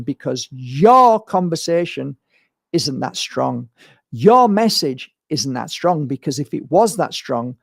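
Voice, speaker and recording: A man's voice: a little high, vocal fry, a little mellow, dry recording, clean studio sound. A man, a spiritual medium, talking bluntly and emphatically in a rambling monologue to camera. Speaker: spiritual medium and crystal seller.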